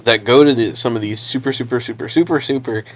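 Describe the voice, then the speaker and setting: A man's voice: medium pitch, fast. A young adult man, a preacher co-hosting a podcast, chatting casually in a rambling way, repeating words and laughing often.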